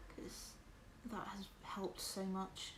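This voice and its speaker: In an echoey room with noise in the background, a West Yorkshire woman with a Southern English accent hosts a casual livestream chat with viewers. Her medium-pitched voice is completely flat and slow. She is candid and uses lots of fillers.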